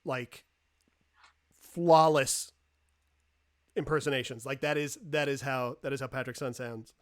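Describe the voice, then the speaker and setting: A man hosting a casual comedy chat show, chatty and animated as he plugs things and banters with guests. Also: medium pitch, measured pace.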